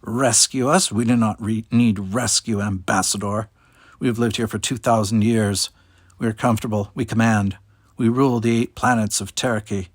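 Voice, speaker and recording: A man voicing a blustering, proud alien king who shouts his commands. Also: lowish voice, steady tone, normal speed, dry recording, studio quality, natural voice. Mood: commanding. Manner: shouting, imperious.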